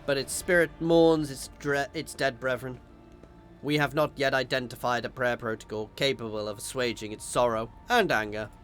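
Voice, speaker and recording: A man's voice: mid-range voice, steady tone, moderate pace, fairly bright tone, soft background music, lightly acted. A man voicing a devout, solemn male machine priest, reading game dialogue in a ceremonial way. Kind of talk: video game voice-over reading.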